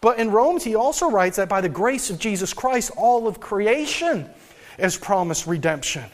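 A man's voice: sits high, expressive, a little fast. A man preaching as a pastor, earnest and thinking aloud, with frequent restarts. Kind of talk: sermon.

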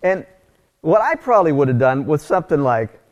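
A man's voice: on the high side, a little fast. A middle-aged man preaching a conversational sermon, telling stories with casual asides. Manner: casual, animated, storytelling with asides. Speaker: pastor.

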